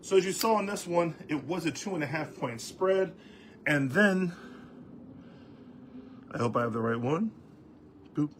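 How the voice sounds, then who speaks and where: A man's voice: fairly high pitch, expressive, measured pace, pauses often, a little hiss or hum. Rambling man hosting a sports show. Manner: rambling, lots of fillers and restarts. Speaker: host. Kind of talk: casual sports talk show.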